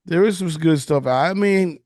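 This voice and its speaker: A man hosting a podcast in casual chat, laid-back and quick to laugh. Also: on the high side, a little mellow, dry recording, studio quality. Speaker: podcast host.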